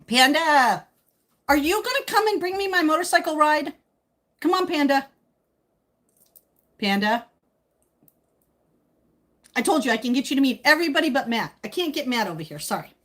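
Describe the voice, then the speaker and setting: A woman hosting a casual live stream, answering viewer comments in a chatty, teasing way, with a slightly husky voice. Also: high voice, lively intonation, normal speed, long pauses, fairly bright tone. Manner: speaks while eating. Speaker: livestream host chatting with viewers.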